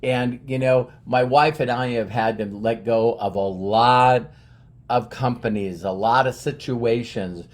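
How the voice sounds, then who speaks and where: A man's voice: medium pitch, steady tone, measured pace. A man in his fifties giving an earnest, rambling motivational monologue, often restarting his sentences. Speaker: motivational speaker.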